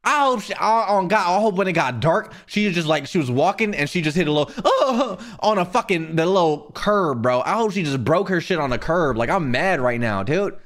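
Profane, animated man streaming. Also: a little high, fairly quick, hardly any pauses. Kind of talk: casual live-stream chat.

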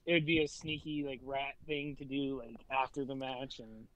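A man's voice: medium pitch, little pitch movement, moderate pace, fairly bright tone, dry recording. Laid-back man with a dull, lo-fi sound. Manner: laid-back, laughs easily. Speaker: podcast co-host. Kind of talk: casual chat.

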